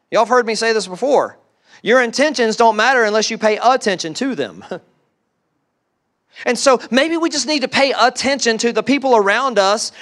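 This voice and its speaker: A man preaching a sermon as pastor, animated, often repeating words and acting out quotes. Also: very high voice.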